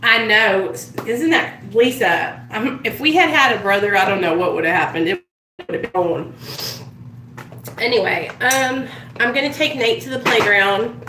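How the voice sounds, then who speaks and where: Woman vlogger rambling on a live stream, cusses a lot, mid-pitched voice, sounds kinda far off in an echoey room. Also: pushed and bright, slight background noise. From United States. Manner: chatty storytelling, swears freely. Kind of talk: casual live stream chat.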